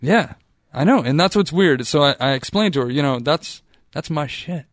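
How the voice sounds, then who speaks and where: A man's voice: on the high side, expressive, moderate pace, no echo. Rambling, laughing podcast co-host man. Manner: rambling, laughs a lot, profane. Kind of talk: casual comedic banter.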